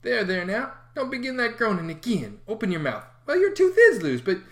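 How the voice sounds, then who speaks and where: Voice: medium pitch, big pitch swings, a little fast, a bit bright, pitched above the performer's own voice. A reader voicing an elderly aunt in an audiobook, scolding and exclamatory but tender. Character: fussing older aunt, scolding yet tender. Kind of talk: audiobook character voice.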